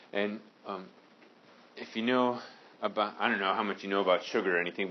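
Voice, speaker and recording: A man from Maine teaching a high school science class, casual and joking with his students. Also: highs cut off. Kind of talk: classroom lecture.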